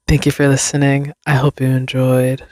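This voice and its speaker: A woman's voice: extremely low pitch, a little mellow, dry recording, clean studio sound. A young woman hosting her own podcast, rambling casually about her life, self-deprecating and laughing often. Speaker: podcast host. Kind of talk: casual solo podcast chat.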